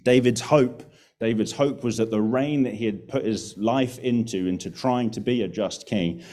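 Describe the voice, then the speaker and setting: A man's voice: on the low side, normal speed, warm tone. A man preaching a sermon in an earnest, emphatic way, repeating key phrases for stress.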